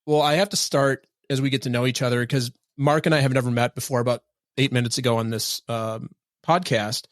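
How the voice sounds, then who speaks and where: A man's voice: medium pitch, fairly even intonation, fairly quick, no room sound, clean studio sound. A man from Minnesota hosting a podcast interview, friendly and self-deprecating in casual chat. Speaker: podcast host.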